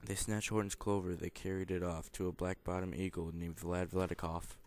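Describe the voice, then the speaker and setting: A young man reads a children's rhyming storybook aloud without putting on voices. His voice sits very low and level, with a smooth, clear tone, and he stumbles and corrects himself now and then. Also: flat delivery, normal speed, a little mellow. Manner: plain, mostly unvoiced reading with small stumbles and self-corrections. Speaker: student reader. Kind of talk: reading a picture book aloud.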